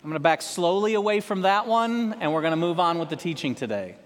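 Guy preaching in a church, highish voice, chatty and jokey with the crowd, big echoey hall. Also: very animated, a little fast, hardly any pauses. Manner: conversational, joking asides to the congregation. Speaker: pastor. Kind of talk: sermon. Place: church sanctuary. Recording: long hall reverb.

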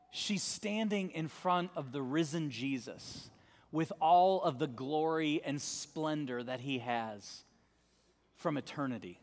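A man preaching a sermon in a large church, with a high voice and an emphatic, repetitive delivery. He drops to hushed tones for effect, and his words trail off in a long reverb. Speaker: pastor.

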